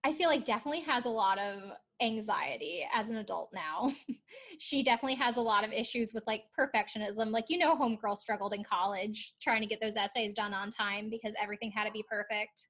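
A woman's voice: mid-range voice, fast, a bit bright. A woman chatting casually on a podcast, recapping a TV episode with lots of laughs and fillers. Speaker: podcast co-host. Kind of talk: casual chat recapping a TV show.

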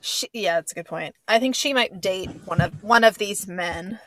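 A woman's voice: medium pitch, moderate pace, crowd noise. A woman hosting a podcast, chatting casually and rambling, with many fillers. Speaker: podcast host.

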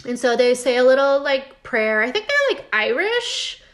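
A young woman with a slightly high voice, chatting casually as she recaps a TV episode. She talks in a loose, filler-heavy way and drops into quick impressions of the characters. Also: big pitch swings, a bit bright. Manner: chatty, lots of "like", acts out characters' lines. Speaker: podcast co-host recapping a TV episode. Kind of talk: casual chat.

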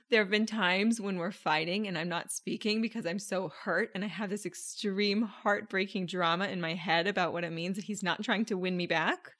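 A young woman hosts a podcast and coaches her listeners through a relaxed, conversational monologue. She laughs easily and keeps checking in with rhetorical questions. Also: fairly low pitch. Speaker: podcast host and relationship coach.

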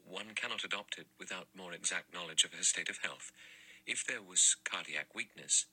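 A man voices a dry, cautious doctor, deep and husky with a bright edge, measured in every word. A storybook reading. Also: exaggerated voice, rough recording.

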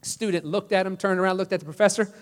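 A man's voice: high voice, fairly even intonation, quick pace. A man preaching a sermon as pastor, joking and conversational with the congregation. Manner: joking, self-deprecating, conversational. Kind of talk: sermon with storytelling. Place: church. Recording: long reverb of a large hall.

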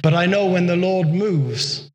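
A man preaching a sermon in an earnest way, slowing down to stress his points. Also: high-pitched. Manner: earnest, slows down for emphasis. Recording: echoey hall with long reverb.

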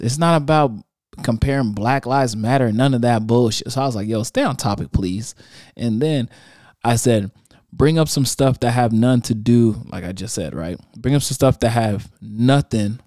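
Young guy ranting on his podcast about comment fights, warm low-key voice, no room echo. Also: studio quality. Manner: animated storytelling, reading out social media comments with slang and laughs. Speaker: podcast host. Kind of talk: casual solo podcast monologue.

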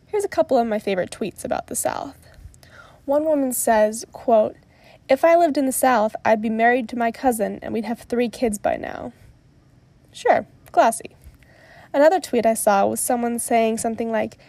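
A woman's voice: fairly high pitch, creaky, darkish tone, no echo. A young woman from Oklahoma hosting a podcast, commenting in an earnest, mildly indignant way on clips and tweets she plays and reads. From Tulsa, Oklahoma, US. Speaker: podcast host.

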